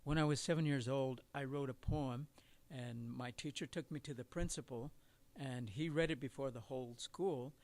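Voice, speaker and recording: Man poet, mid-pitch, measured, telling a story from his past. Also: a little mellow. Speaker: poet guest. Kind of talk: interview answers.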